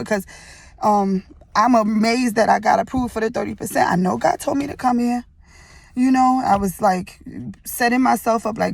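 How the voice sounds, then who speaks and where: A young woman rambles through an emotional testimony, full of fillers and asides. Her voice has a gravelly fry and sounds close and dry, and she is on the edge of tears the whole time. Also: medium pitch, no echo. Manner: rambling, chatty storytelling with many fillers. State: tearful, fighting back tears. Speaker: vlogger sharing a testimony. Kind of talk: emotional personal testimony vlog. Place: indoors at a gym.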